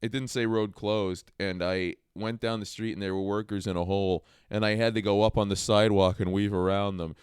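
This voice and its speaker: A young man hosting a podcast in a deadpan, crude, sardonic way. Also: on the low side, brisk, few pauses, clean tone, no room sound, studio quality. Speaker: podcast host. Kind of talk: casual chat.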